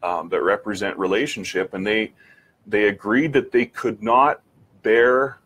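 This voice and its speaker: A man giving an earnest personal faith testimony, reflective, with frequent pauses and restarts, asking the listener direct questions. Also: on the low side, fairly even intonation, a bit bright, slightly rough. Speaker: speaker sharing his faith testimony.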